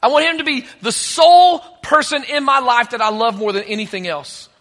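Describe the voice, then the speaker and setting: A man's voice: extremely high pitch, a little fast, fairly bright tone, in a large hall. A man preaching a sermon as pastor, conversational and joking between points.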